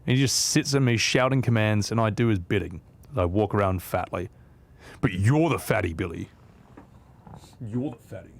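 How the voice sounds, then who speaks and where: A man streaming a video game, swearing and ranting at the controls, then mumbling softly to chat. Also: fairly low pitch, animated, normal speed, creaky, long pauses. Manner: swears a lot, rants loudly at the game, then drops to soft mumbles. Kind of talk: live gameplay commentary.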